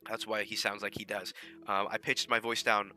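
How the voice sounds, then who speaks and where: Bright-voiced man chatting casually. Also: lowish voice, level tone, normal speed, soft background music. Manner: rambling, with many fillers and restarts. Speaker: fan audio drama creator. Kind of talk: casual behind-the-scenes talk.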